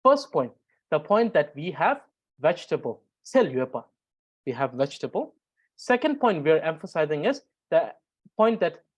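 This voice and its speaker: Woman teacher going over grammar slowly, lots of uh's, pitch swings all over. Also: highs cut off. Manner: explains step by step with fillers and repetition. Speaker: language teacher. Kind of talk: grammar lesson explanation.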